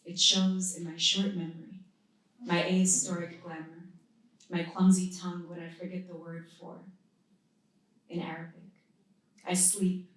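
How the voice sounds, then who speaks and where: Poet, woman in her thirties, low steady voice, live reading in a very echoey hall, heard from a distance. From United States. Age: 30s. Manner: measured, deliberate phrasing with pauses between lines. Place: indoor literary event venue.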